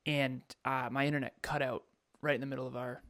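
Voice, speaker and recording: A man co-hosting a podcast and coaching, talking in an animated, emphatic way and laughing often. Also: mid-range voice, brisk, no room sound, clean studio sound. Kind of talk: casual podcast chat.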